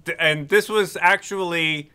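A man co-hosting a podcast in casual chat, recapping a story in a measured, explanatory way. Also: on the high side, sharp tone, clean tone. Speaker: podcast co-host.

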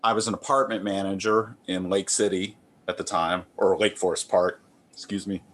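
A man, a comic artist guest, talking in a relaxed, rambling, self-deprecating way with many fillers and restarts. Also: low-pitched, normal speed. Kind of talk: relaxed conversational interview.

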